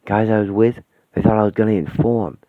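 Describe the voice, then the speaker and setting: A man voicing a gruff, slangy ghost father in a radio play. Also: fairly even intonation, fairly quick, dry recording, natural voice. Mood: grave. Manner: rough slangy talk, lowered gruff voice. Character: ghostly street-tough father, gruff and tender. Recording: thin phone-like, dry sound.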